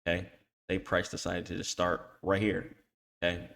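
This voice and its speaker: Deep gravelly man with slangy chart talk. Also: monotone, normal speed, a bit bright. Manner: slangy, repeats "okay?" after nearly every point; scolds emphatically when warning against emotional trading. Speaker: trading educator. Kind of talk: screen-share chart tutorial.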